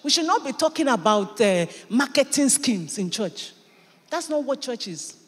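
Woman pastor, lively sermon delivery, emphatic bursts of volume, long church-hall reverb. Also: sits high, moderate pace, husky. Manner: animated, emphatic preaching with sudden bursts of loudness.

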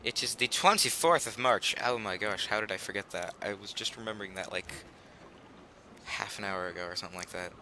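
A man's voice: lowish voice, fairly quick, bright, forceful tone, slight background noise. Rambling teen boy gaming commentary. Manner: rambling, chatty and silly, trails off mid-sentence. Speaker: gaming channel host. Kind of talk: casual let's play commentary.

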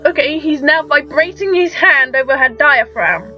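High-voiced woman reacting incredulously. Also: expressive, normal speed, pushed and bright. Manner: incredulous, exclaiming, stammering restarts. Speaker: reaction vlogger. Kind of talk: reaction video commentary. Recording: dull lo-fi sound with faint music.

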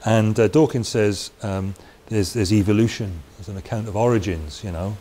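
A preacher from Wales gives a chatty Bible talk in a warm, lowish voice at a normal pace. He's conversational, with side remarks and restarts, and there's a faint hiss on the recording.

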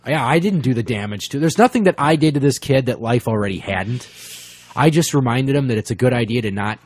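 A man co-hosting a podcast, telling a crude, profane story in a lively way and putting on the voices of the people in it. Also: mid-range voice, fairly quick, dry recording. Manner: profane, animated storyteller who acts out quoted voices. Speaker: podcast co-host.

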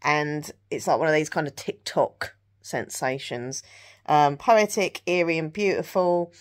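A woman's voice: low voice, lively intonation, moderate pace. Chatty southern English woman vlogging. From England. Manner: chatty and rambling, full of ums and likes. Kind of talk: casual chat to camera. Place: at home in the evening.

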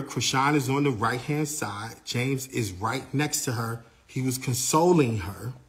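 A man recounting events as an eyewitness, telling the story in an animated first-person way and acting out what other people said. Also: medium pitch. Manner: acts out other people's lines, grows louder and faster as the story heats up.

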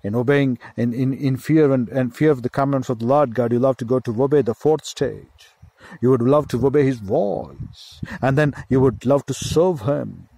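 A man's voice: medium pitch, vocal fry, warm tone, husky, dry recording. A man preaching a sermon, teaching with emphatic repetition and Hebrew word studies.

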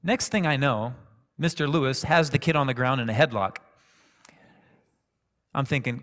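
A man preaches a sermon, telling a personal story in a calm, conversational way. His voice sits at a middle pitch. The sound carries the long reverb of a church sanctuary. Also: normal speed, long pauses.

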